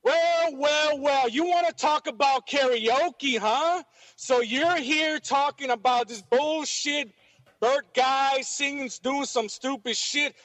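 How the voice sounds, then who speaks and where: A man voicing a loud, brash, trash-talking metalhead who rants and boasts in rapid bursts. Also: very high voice, dry recording, full character voice. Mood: brash ranting. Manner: blustering, ranting, rapid-fire boasts. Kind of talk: comedic character bit.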